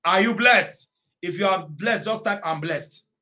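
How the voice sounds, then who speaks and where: Preaching to an online prayer gathering, a man with a high voice reads the Bible emphatically. His phrases come back again and again, punctuated by stretched-out shouts.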